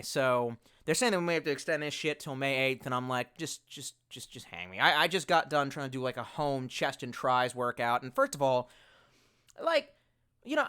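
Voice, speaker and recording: A man's voice: on the high side, pushed and bright, smooth. A young man hosting a casual livestream in a rambling, profane, exasperated way, talking into a headset. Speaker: livestream host. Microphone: bluetooth headset.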